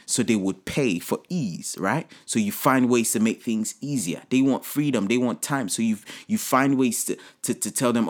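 Lively preachy male podcast host. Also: medium pitch, normal speed, few pauses. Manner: lively, preachy, addresses listeners directly. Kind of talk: motivational business talk.

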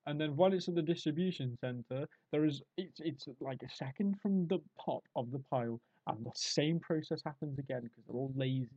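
A man's voice: fairly high pitch, a little fast, few pauses, no room sound, muffled recording. Chatty English man, dry close mic. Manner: animated, slips into put-on voices. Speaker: podcast co-host. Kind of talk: casual comedic chat.

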